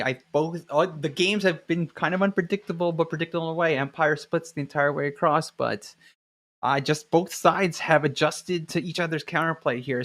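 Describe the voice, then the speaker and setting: A man casting a live video game match, calmly breaking down teams' strategy and picks. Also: a little high. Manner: analytical, explains strategy, says he is from the North. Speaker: esports caster. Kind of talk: live game play-by-play commentary.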